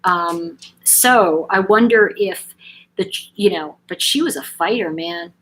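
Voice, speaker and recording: A middle-aged woman chats loosely on a live stream. She talks at a mid pitch, answers viewer comments as they come in, and fills her speech with ums and self-corrections. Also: a little slow, a bit bright, husky, low-quality recording. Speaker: host of a live chat stream. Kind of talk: casual live-stream chat.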